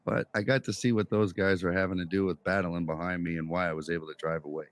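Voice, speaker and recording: Deep-voiced male racer, dry sound. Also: quick pace, no echo. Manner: enthusiastic, relaxed. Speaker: sim racing driver, race winner. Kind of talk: post-race interview.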